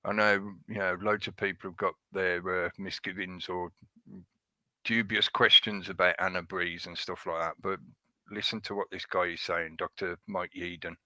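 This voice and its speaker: Man, lowish voice, bright and forceful, rambling casual livestream chatter. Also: flat delivery, normal speed, no echo. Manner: chatty and rambling, reading out chat names. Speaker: livestream host. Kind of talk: casual live-stream chat.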